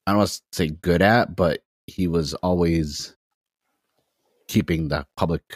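A man's voice: deep voice, darkish tone, breathy edge, no echo, clean studio sound. A man in his thirties, a podcast guest in casual chat, telling long anecdotes full of acted-out quotes. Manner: rambling storyteller, heavy on "I was like" quotes.

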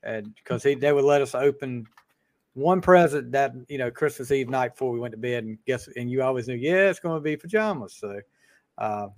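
A man's voice: medium pitch, fairly quick, no echo. A man co-hosting a podcast, chatting casually and reminiscing in an easygoing way. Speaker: podcast co-host. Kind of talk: casual chat.

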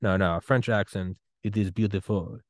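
Low-voiced animated American podcast host. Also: male voice, normal speed, dry recording, clean studio sound. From United States. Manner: animated, excitable, swings to loud outbursts. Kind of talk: casual interview chat.

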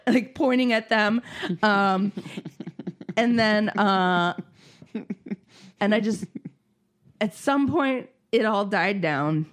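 A woman in casual chat, telling a story with lively acted-out quotes and frequent swearing. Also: fairly high pitch, measured pace. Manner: animated storytelling, acts out quotes, swears freely.

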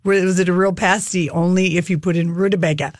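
A woman's voice: on the low side, fairly even intonation, quick pace, dry recording. Brief: woman radio co-host, chatty and easy laughing, dry close studio sound. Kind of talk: casual banter.

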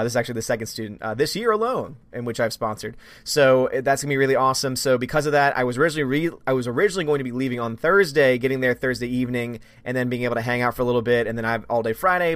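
A man's voice: mid-range voice, fairly bright tone, no room sound. A man hosting a casual live stream, greeting viewers by name and reading their comments aloud.

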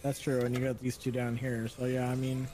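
A man's voice: medium pitch, monotone, fairly quick, warm tone, a little hiss or hum. A man playing a tabletop game, speaking hesitantly and going along with the group. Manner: hesitant, easygoing. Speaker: player. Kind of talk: casual game chat.

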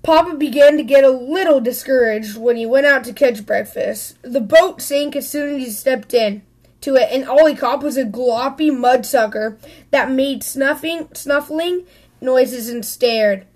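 A woman reading a children's picture book aloud, expressive, with small slips and restarts. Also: high voice, unhurried. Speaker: storybook reader.

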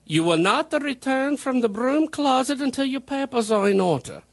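A man playing a strict Santa with a thick German accent, very high and lively, mock-military orders. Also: moderate pace, gravelly, a little hiss or hum, heavily acted. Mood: commanding. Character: stern, bossy male Santa Claus with a put-on German accent. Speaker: radio show host. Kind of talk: comedy radio bit.

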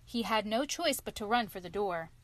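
A woman narrating a children's storybook aloud in a clear, expressive reading. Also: mid-range voice, normal speed, no echo.

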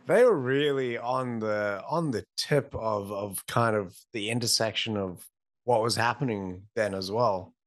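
A man's voice: lowish voice, a little slow. Laid-back man, laughing guest. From Australia. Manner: laughs often, swears casually. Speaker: podcast guest. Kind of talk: casual chat.

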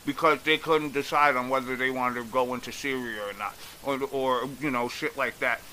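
A man's voice: medium pitch, steady tone, moderate pace, bright, forceful tone, rough recording. A man giving a blunt, exasperated opinion rant, swearing freely as he recaps and criticizes. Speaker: commentator. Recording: faint hiss.

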